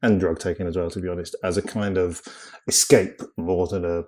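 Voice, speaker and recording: Lower-voiced man telling stories animatedly. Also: brisk. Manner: animated, laughing storyteller who acts out quoted dialogue. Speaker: guest comedian. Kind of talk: casual interview storytelling.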